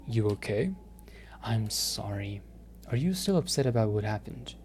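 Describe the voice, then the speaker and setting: A man voicing a gentle, intense young male love interest in soft, low whispered role-play. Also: animated, moderate pace, natural voice. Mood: concerned.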